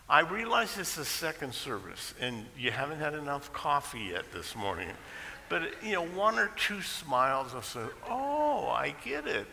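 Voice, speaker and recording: A pastor preaching a conversational sermon in a church, telling a story with folksy asides. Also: male voice, mid-range voice, gravelly, bright, forceful tone. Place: church sanctuary. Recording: echoey hall with faint hiss.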